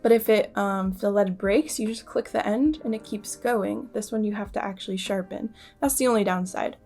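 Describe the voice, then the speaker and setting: A young Canadian woman talks in a loose, rambling vlog style, full of "um" and "like". Her pitch sits in an ordinary middle range. Faint music plays under her voice. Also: moderate pace, gravelly, a little mellow. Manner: rambling, chatty, many fillers. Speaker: art vlogger. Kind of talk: casual vlog talk.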